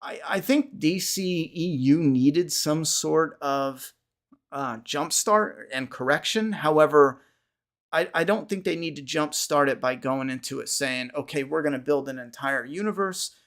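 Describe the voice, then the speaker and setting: A man's voice: a little high, measured pace, fairly bright tone. A man hosting a podcast livestream, chatting casually with viewers, rambling with frequent restarts and casual swearing. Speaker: podcast host.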